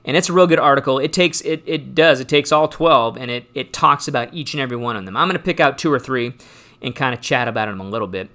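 A man's voice: medium pitch, fast talker, bright, forceful tone. A man hosting a finance show as an advisor, talking casually and with energy, acting out clients' questions and answering them with emphatic punch. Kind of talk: casual radio-style finance talk.

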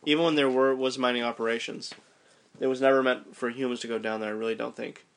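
A man casually recounting a descent down a mine shaft, animated and restarting his sentences as he thinks aloud. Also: mid-range voice, fast talker. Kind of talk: casual storytelling chat.

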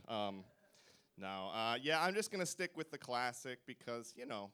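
A man's voice: mid-range voice, moderate pace, sharp tone, clean tone. Male stand-up contestant, medium voice, rambling and wry, live club. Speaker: comedian contestant. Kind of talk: stand-up riffing.

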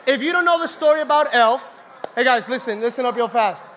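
A young man from Colombia gives a church talk as an animated, chatty story, full of acted-out quotes. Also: very high-pitched, a little fast, background noise. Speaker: church speaker. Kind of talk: humorous sermon storytelling.

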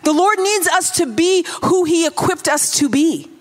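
A woman pastor preaching a sermon, acting out Bible dialogue in voices and breaking off with quick asides. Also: very high voice, lively intonation. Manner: quick asides, self-interrupting.

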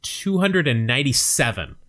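A man's voice: mid-range voice, big pitch swings, normal speed, fairly bright tone. A man co-hosting a podcast in a casual, upbeat chat, laughing easily. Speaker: podcast co-host.

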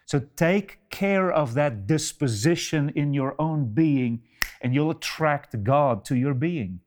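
A man preaching a sermon with a slow, dramatic delivery, full of rhetorical questions and addressing his listeners as beloved. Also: fairly high pitch, animated, a little mellow, a little hiss or hum.

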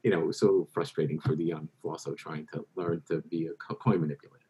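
A man who is an author, telling lively anecdotes as a guest in an interview and quoting other people in their voices. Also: extremely low pitch, fairly quick. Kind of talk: interview storytelling.

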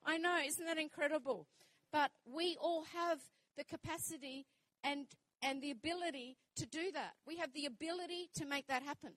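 A woman minister preaching with fervour, repeating her phrases as she builds to bold declarations. Her voice sits fairly high, and the recording is close and dry, with no room sound. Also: moderate pace, a bit bright, dry recording, rough recording. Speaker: minister and fitness trainer. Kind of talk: sermon.

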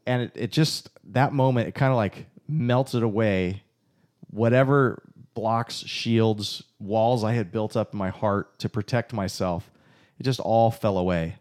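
A man tells his own story candidly and with animation. He pokes fun at himself in a relaxed, conversational way. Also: lowish voice, a little slow. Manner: candid, animated, self-deprecating. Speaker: podcast co-host, husband. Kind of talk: casual storytelling talk.

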